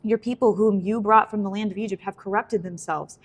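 A woman voicing an angry God speaking to a prophet, reading the lines in a louder, forceful delivery. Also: medium pitch, steady tone, brisk, natural voice. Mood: stern.

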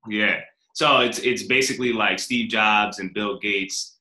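Bright-voiced male podcast host, roomy sound. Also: fairly low pitch, fairly even intonation, measured pace. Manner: earnest, curious questioning. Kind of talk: casual interview chat.

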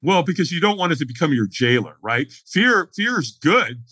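A middle-aged man with a husky, bright-edged voice, fairly high for a man. He tells stories animatedly as a podcast guest, acting out both sides of the conversations. The sound is dry and close to the mic. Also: moderate pace, no room sound. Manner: animated storyteller acting out dialogue. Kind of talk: podcast interview storytelling.

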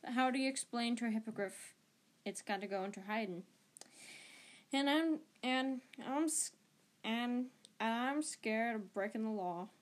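A woman voicing a gloomy, tearful giant gamekeeper man in a storybook reading, speaking slowly and heavily in a fairly high voice. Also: lightly acted, poor audio. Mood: fearful.

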